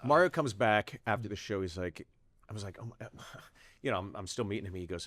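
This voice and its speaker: A man's voice: medium pitch, fairly bright tone, no echo. A middle-aged man from the Pittsburgh area, a stand-up comedian telling stories in casual chat, jumping into voices and swearing freely. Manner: quick, profane storytelling that jumps into quoted voices. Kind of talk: animated storytelling in casual chat.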